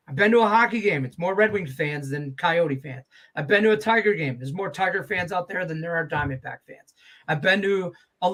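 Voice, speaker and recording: High-pitched guy hosting a betting show, cussing, rambling, laughing a lot. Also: a bit bright. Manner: profane, rambling, laughs easily. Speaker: sports betting show host. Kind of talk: casual chat.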